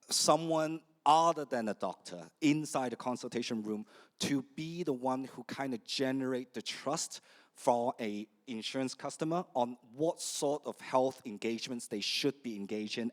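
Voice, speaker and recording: Guy on a panel, halting, keeps restarting and repeating words. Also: mid-range voice. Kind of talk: panel discussion.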